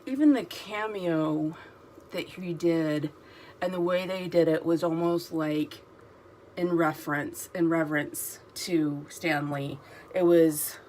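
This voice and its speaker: A woman's voice: low voice, steady tone, slow pace, a little mellow, a little hiss or hum. A middle-aged woman vlogging at home, chatting in a rambling, digressive way with many ums and an emotional, enthusiastic manner while doing her skincare routine. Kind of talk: casual chatty review during a skincare routine.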